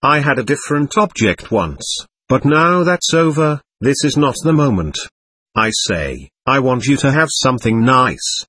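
A man raising his voice to play an excitable young woman who chatters and teases with a lilting, lively rise and fall. The tone is a little husky and dry, and it is heard close up as a storybook reading. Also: medium pitch, unhurried, dry recording. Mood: teasing. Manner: chattering, teasing, bright lilt.

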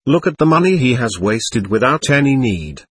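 A man's voice: mid-range voice, sing-song, normal speed, breathy edge, no room sound. A man reading the part of a sullen, scornful young male servant who speaks in a curt, resentful way, in an audiobook.

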